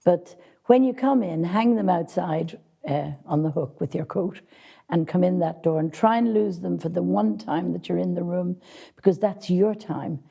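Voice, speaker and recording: A woman's voice: on the low side, normal speed, gravelly, mellow, slightly rough. A woman casting director answering interview questions with direct, practical advice for actors, speaking frankly.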